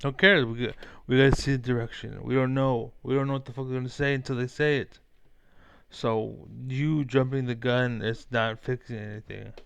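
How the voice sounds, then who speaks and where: A man's voice: medium pitch, fairly even intonation, normal speed, vocal fry, smooth. A man streaming a heated, profane reaction rant, talking back to a clip. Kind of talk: ranting reaction commentary.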